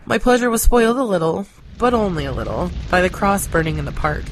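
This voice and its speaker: A woman narrating a short story in a deadpan, sardonic manner. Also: on the low side, fast talker, slight background noise. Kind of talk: scripted story reading.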